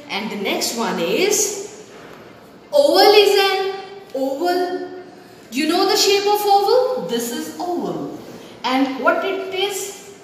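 An Indian English woman leads a children's rhyming lesson, high-pitched and unhurried, half singing as she coaxes answers. She sounds far from the mic in a very echoey room, with faint ambient noise behind her. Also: big pitch swings. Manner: sing-song, coaxing, slow. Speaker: teacher.

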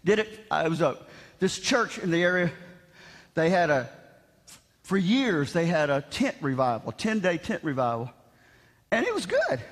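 A man preaching a revival sermon, shouting with animated, self-mocking humor in a large church. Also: fairly high pitch. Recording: long hall reverb in church.

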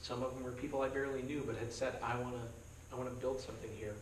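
A male pastor talks rapid-fire through a verse-by-verse Bible study, keeping it conversational, cracking jokes and voicing the quoted characters. His mid-range voice has little pitch movement, and the distant, roomy recording from a church meeting room carries slight background noise.

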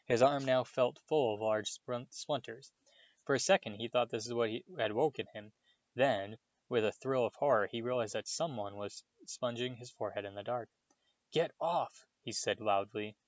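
A man reading a novel aloud in a steady storytelling voice, with small slips now and then. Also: mid-range voice, moderate pace, dry recording, dull audio. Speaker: audiobook reader.

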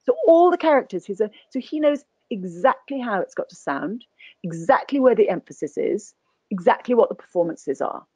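A woman's voice: mid-range voice, lively intonation, moderate pace, darkish tone, husky, no room sound. A woman guest actor speaking in a conversational webinar interview, thoughtful and anecdotal, often restarting her sentences. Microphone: video call.

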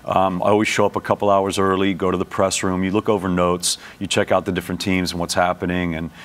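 Deep-voiced Brooklyn man chatting easily. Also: fast. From Brooklyn, New York. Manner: relaxed, speaks with many restarts and fillers. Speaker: sports announcer and guest. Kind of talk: casual TV interview chat. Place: TV studio.

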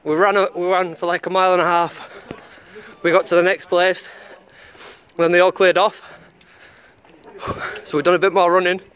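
A man's voice: high-pitched, level tone, normal speed, pauses often, a bit bright. A man filming on a city street with a handheld camera, talking casually and pushing back with repeated questions. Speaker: citizen journalist filming police.

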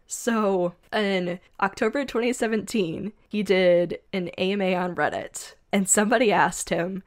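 A young woman co-hosting a podcast in casual chat, self-mocking and quick to laugh. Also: medium pitch. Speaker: podcast co-host.

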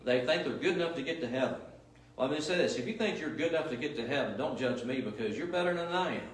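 A man's voice: medium pitch, expressive, fast talker, a little hiss or hum. A male pastor preaching a sermon in an emphatic, repetitive style full of rhetorical questions, heard in a church. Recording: echoey room, mic at a distance.

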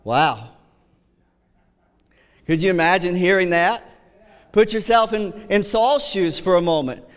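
Preaching fervently as associate pastor, a man speaks in a high, animated, clear and resonant voice at a measured pace, filling a large hall in the church sanctuary. He reads scripture aloud in antiquated wording and keeps repeating key phrases.

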